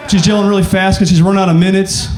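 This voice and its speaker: Sex: male. Origin: from Arkansas. Role: stand-up comedian. Pitch: high. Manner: casual, rambling, filler-heavy. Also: fairly even intonation, quick pace, darkish tone. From Arkansas, USA.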